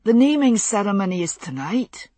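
A woman voicing a resolute young Scottish man who speaks softly, with a Scottish accent. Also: mid-range voice, very animated, moderate pace, no room sound. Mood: quiet resolve. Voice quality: soft-spoken.

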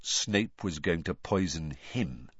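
A man reading a story aloud with expressive, varied narration. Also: low voice, slow, breathy edge, dry recording, lo-fi sound. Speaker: audiobook reader.

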